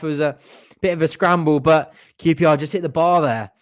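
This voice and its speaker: A young man giving partisan, excitable fan commentary on a live match, cheering his team on and groaning at missed chances. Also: a little high, fairly quick.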